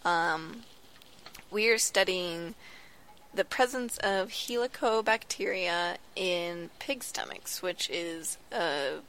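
A woman's voice: lowish voice, takes it slowly, a bit bright. A woman in her twenties, a graduate student, chatting casually on a podcast with lots of "like" and "um". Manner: chatty storytelling, frequent "like" and "um".

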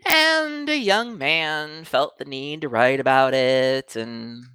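Wry woman with a lively voice. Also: deep voice, takes it slowly, smooth, no echo. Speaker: podcast host. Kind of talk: casual panel chat.

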